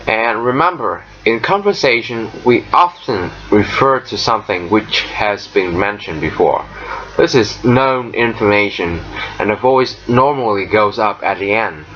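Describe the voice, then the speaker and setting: A man teaching an English lesson, explaining step by step with frequent pauses and fillers. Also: on the low side, expressive, fairly bright tone. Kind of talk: recorded lesson walkthrough. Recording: dull lo-fi recording, faint noise.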